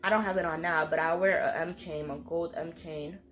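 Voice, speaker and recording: A young woman tells a story straight to camera. She keeps it animated and salty, with plenty of swearing and street slang. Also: fairly low pitch, moderate pace. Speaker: vlogger. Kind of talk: storytime monologue.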